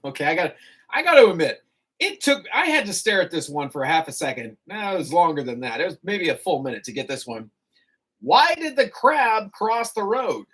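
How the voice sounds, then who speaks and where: Radio host, casual morning chat, bouncy intonation, middle pitch, studio mic. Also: big pitch swings, quick pace, a bit bright, slightly rough. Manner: chatty, reads out listener jokes with groans and chuckles.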